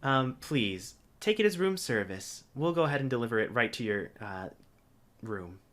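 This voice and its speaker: A man's voice: mid-range voice, animated, normal speed, a bit bright, natural voice. A man voicing a cheerful young female android desk clerk in a raised, friendly voice.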